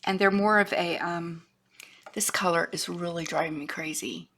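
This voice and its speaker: A woman's voice: lowish voice, steady tone, moderate pace, a bit bright, slight background noise. A woman, chatting casually and rambling as she shows her craft supplies. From Florida, USA. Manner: chatty, rambling, trails off and restarts, drops to a whisper at times. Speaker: craft vlogger. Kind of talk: casual show-and-tell.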